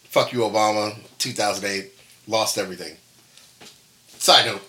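Casual male guest from Florida; bright, cutting tone, profane storyteller. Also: on the low side, fairly even intonation, normal speed. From Florida, USA. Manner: profane, loud when telling a story. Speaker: podcast guest. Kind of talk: casual chat.

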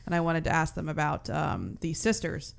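A woman co-hosting a casual podcast who chimes in with quick reactions and firm opinions. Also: low voice, big pitch swings, gravelly. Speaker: podcast co-host.

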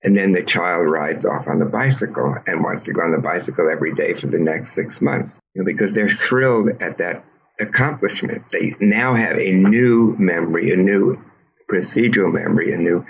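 A man with a deep, husky voice explains ideas patiently, like a teacher, often stopping to restart a phrase. He is a therapist answering interview questions. The recording sounds a little dull and lo-fi. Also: normal speed. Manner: thoughtful, teacherly, with frequent restarts. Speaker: trauma therapist, guest.

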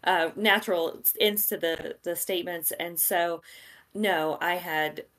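A woman book editor chatting on a podcast, measured and dryly amused. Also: lowish voice, steady tone, a bit bright. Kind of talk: casual chat.

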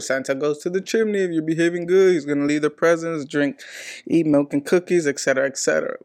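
A man talks in a loose, slangy way, cracking jokes as he hosts. His voice is gravelly with a touch of fry, and it sits a bit high for a man. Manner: slangy, animated, joking. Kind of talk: casual chat.

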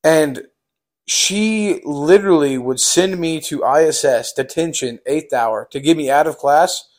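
A man's voice: on the high side, measured pace, darkish tone. A young man telling a casual storytime on a podcast, rambling with lots of fillers.

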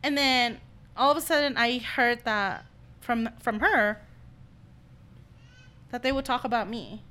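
A woman's voice: a little high, normal speed, bright, forceful tone, clean tone. A young woman co-hosting a podcast, casually telling a story about a friend and acting out what people said. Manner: storytelling, quotes others in her tales. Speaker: podcast co-host. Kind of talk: casual chat.

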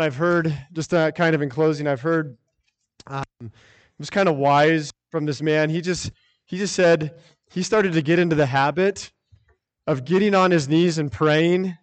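Earnest pastor preaching, man. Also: on the high side. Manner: earnest, repetitive phrasing with frequent restarts. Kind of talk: sermon.

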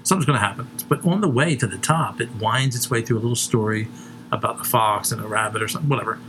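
A man's voice: mid-range voice, quick pace, noisy background. Profane rambling man telling stories. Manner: profane, rambling, laughs at his own jokes. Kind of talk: crude comedic storytelling.

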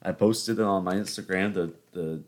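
A man's voice: low voice, normal speed. A young man hosting a podcast alone, rambling through stories in a joking, off-the-cuff way. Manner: rambling, joking, self-interrupting. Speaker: podcast host. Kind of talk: casual solo monologue.

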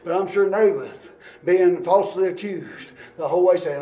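A man preaching a sermon, moving between quiet storytelling and shouted exhortation. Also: sits high, normal speed, far from the mic. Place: church. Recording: echoey church hall.

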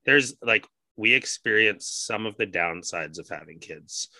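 A man's voice: fairly low pitch, lively intonation, measured pace, pushed and bright, no echo. A man hosting a podcast in casual chat, telling rambling stories with a lot of swearing. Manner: swears often, ranting storyteller. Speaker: podcast host.

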